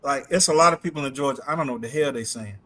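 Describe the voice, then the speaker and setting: A man's voice: medium pitch, rapid-fire. A man, chatting casually as a livestream co-host and telling stories with laughs. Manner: animated, laughing storyteller. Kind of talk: casual chat.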